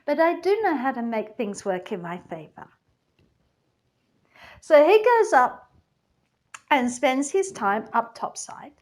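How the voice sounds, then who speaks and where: A woman's voice: sits high, sing-song, slow pace, long pauses, heavily acted. A woman playing a flippant, gossipy goddess queen of the underworld in a chatty comic monologue full of "like" and "you know".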